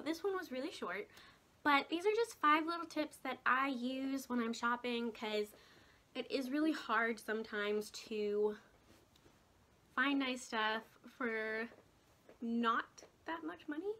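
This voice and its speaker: Chatty young woman vlogger, bright voice. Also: high voice. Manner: chatty, rambling, laughs often. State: hiccuping. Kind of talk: casual chat to camera.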